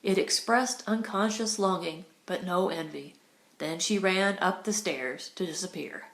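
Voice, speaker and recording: A woman narrating an audiobook in a measured, expressive storytelling manner. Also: lowish voice. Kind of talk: scripted narration. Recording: roomy echo.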